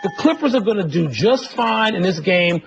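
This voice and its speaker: A man's voice: high voice, lively intonation, moderate pace, gravelly, noisy background. A man co-hosting a sports show who argues his picks with emphatic insistence. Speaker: sports TV co-host. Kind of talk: argumentative sports banter. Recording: muffled podcast audio with music underneath.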